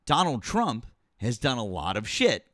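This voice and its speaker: A man's voice: medium pitch, huge pitch swings, measured pace, fairly bright tone, no room sound, studio quality. A man hosting a political call-in stream, arguing with a caller in a condescending, talk-over-him way. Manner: condescending, talks over the caller, calls him kiddo and bud. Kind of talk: combative live-stream debate.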